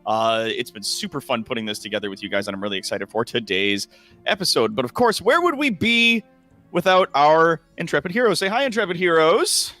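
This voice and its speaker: A man's voice: on the high side, expressive, fairly quick, pushed and bright, faint music behind. A man with a Canadian accent hosting a tabletop game as game master, hammy and enthusiastic, laughing often.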